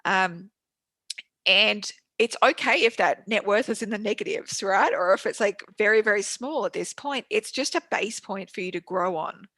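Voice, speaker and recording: A woman's voice: medium pitch, lively intonation, moderate pace, pushed and bright, dry recording. A woman speaking as a guest in a casual interview. She is frank and swears freely. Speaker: podcast guest, business owner.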